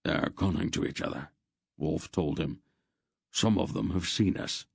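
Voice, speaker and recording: A man voicing an old male sorcerer who speaks calmly and decisively, as a storybook figure. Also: sits low, measured pace, vocal fry, slightly rough, no echo, clean studio sound, heavily acted. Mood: commanding. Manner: calm, decisive.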